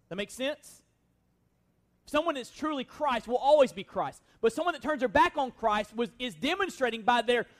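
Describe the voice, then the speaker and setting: In this expository sermon, the male pastor's voice is strikingly high. He presses his points with earnest emphasis, repeatedly framing them as rhetorical questions aimed at his listeners.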